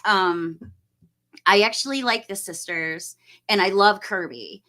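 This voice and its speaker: A woman's voice: medium pitch, measured pace, sharp tone. A woman hosting a casual live stream, chatting and greeting viewers by name, laughing often.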